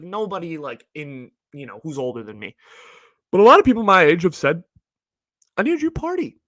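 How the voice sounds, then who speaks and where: A young man talks through his college stories with animated energy, saying "like" constantly. His voice is bright and forward. The sound is dry and close. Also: on the high side, dry recording. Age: young adult. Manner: animated storytelling, heavy use of "like". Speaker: podcast host. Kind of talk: casual monologue.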